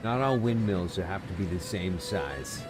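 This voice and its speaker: A man's voice: sits low, lively intonation, unhurried. A man streaming a video game, rambling to himself with casual commentary and frequent chuckles. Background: music.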